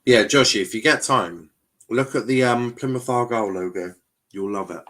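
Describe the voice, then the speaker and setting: A man's voice: medium pitch, normal speed, fairly bright tone. A young man, commenting casually on a live football match while chatting with viewers. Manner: chatty, reacting to play and reading chat aloud. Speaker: watchalong streamer.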